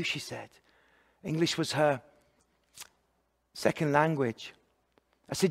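A man's voice: fairly high pitch, slow, creaky, long pauses, big-room sound. A man who is a pastor and evangelist, preaching a sermon in an earnest storytelling way, building up repeated lists of phrases.

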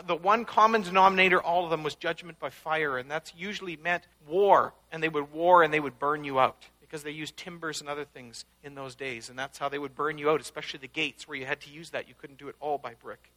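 A man's voice: sits high, sharp tone. A man preaching a conversational sermon, teaching casually and breaking into emphatic outbursts. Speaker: pastor.

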